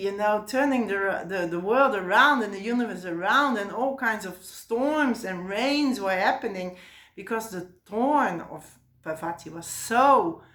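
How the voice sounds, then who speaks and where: A woman's voice: mid-range voice, a bit bright. A woman casually telling a myth aloud in a hesitant way, full of fillers and restarts. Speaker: storyteller. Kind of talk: casual oral storytelling. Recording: roomy echo.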